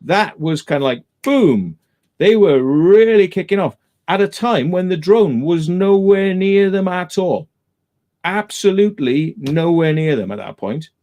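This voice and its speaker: A man's voice: high voice, expressive, a little slow, dark tone. Emphatic man hosting a stream. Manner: emphatic, repeats his points while retelling a dispute. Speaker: live-stream host. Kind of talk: casual live-stream chat.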